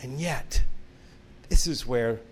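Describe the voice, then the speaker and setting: Slow, earnest preacher man. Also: mid-range voice, slightly rough. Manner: earnest storytelling with humorous asides. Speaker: pastor. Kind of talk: sermon.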